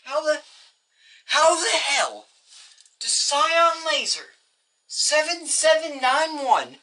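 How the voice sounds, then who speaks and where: A woman's voice: high voice, very animated, slow pace, pushed and bright, far from the mic. A young woman pleading in mock drama on a comedy video, recorded away from the mic. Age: teen or young. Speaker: youtuber. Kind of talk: comedic rant to camera.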